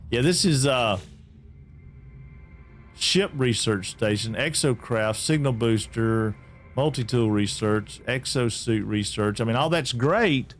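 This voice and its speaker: A man's voice: medium pitch, takes it slowly, long pauses, soft background music. A man from Georgia, chatting casually with viewers while streaming a game and often repeating himself. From Atlanta, Georgia.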